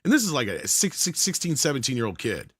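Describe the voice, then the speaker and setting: A middle-aged man telling a story in casual chat, animated and profane, acting out the voices of the people in it. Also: medium pitch, quick pace, husky, dry recording.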